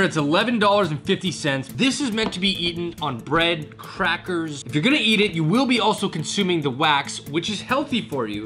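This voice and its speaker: A man's voice: a little high, fairly bright tone. A young man chatting casually in a vlog, playful and self-mocking as he talks to his viewers. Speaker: vlogger. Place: home, later in a car.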